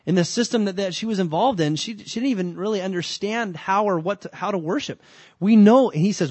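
A man preaching a sermon in a conversational way, with emphatic bursts and slow, drawn-out lines. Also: sits high, a little mellow, slightly rough, no echo. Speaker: pastor.

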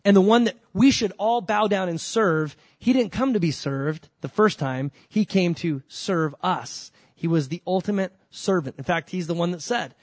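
A male pastor preaching a sermon in an animated, conversational way, jumping between loud emphasis and soft asides, with humorous asides. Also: high-pitched, moderate pace, few pauses, dry recording.

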